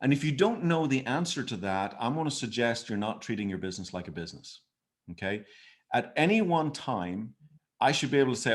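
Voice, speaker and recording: A man's voice: mid-range voice, expressive, a little fast. A man from Northern Ireland with a Northern Irish accent, giving an upbeat, emphatic business training talk over a home video call and repeating his key points.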